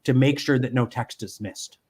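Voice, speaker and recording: A man giving a live software demonstration from home, explaining step by step with frequent ums and restarts. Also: medium pitch, steady tone, moderate pace, breathy edge.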